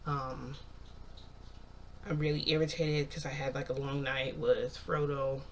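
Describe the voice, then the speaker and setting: A man's voice: mid-range voice, level tone, a little slow, far from the mic, a little hiss or hum, natural voice. A man voicing a tired, irritated young man in his story, speaking in a subdued, curt way. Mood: weary. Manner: subdued, apologetic.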